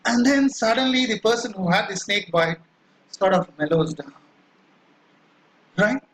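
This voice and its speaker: A man lectures with a high, bright voice, walking listeners through an example at an easy, halting pace. He leans on "uh" and keeps asking "right?" to check that the class follows. His tone is that of a teacher explaining to students. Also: lively intonation, slight background noise, rough recording. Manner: explanatory, frequent "right?" check-ins and "uh" fillers; acts out quoted cries.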